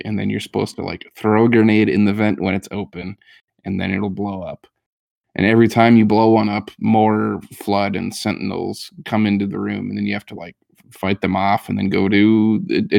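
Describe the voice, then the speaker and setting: A man's voice: lowish voice, vocal fry, a little mellow, no echo. A man co-hosting a casual gaming podcast, talking in a rambling way with many fillers and restarts. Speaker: podcast co-host.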